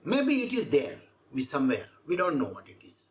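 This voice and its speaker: A woman's voice: low-pitched, wildly swooping pitch, brisk, a little hiss or hum. A woman explaining scripture verse by verse as a spiritual teacher, repeating her points and asking rhetorical questions. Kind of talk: scripture exposition talk.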